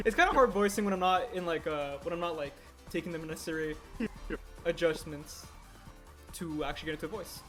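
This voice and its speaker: A man's voice: on the high side, fast, faint music behind. A man livestreaming his stop-motion animation work, chatting casually and rambling as he corrects himself mid-sentence. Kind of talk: casual livestream chat while working.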